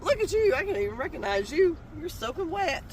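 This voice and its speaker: A woman's voice: sits high, big pitch swings, fairly quick, background noise. A woman outdoors on a farm, talking casually to her animals in cooing baby talk and laughing often, recorded on a handheld phone. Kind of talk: casual chat.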